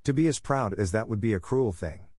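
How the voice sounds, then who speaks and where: Low-voiced man reading a classic. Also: lively intonation, a little fast, darkish tone, no room sound, clean studio sound. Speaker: narrator. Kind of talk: audiobook reading of a classic novel.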